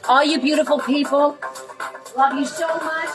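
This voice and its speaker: A woman hosting a wellness session, giving a playful, rambling closing talk full of fillers and sudden mock shouts. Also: sits high, steady tone, moderate pace, poor audio. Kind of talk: chatty closing talk to an audience. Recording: music playing behind.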